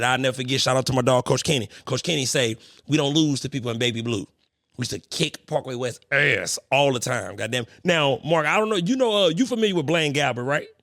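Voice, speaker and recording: Boastful, gravelly young male podcast host. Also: medium pitch, dry recording, clean studio sound. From St. Louis, Missouri. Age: young adult. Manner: boastful, animated, profane trash talk. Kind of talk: casual chat.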